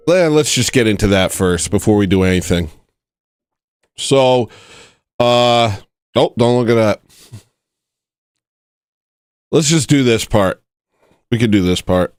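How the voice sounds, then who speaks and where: A man hosting a casual livestream chat, rambling and joking at his own expense. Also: mid-range voice. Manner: rambling, joking, self-mocking. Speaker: livestream host.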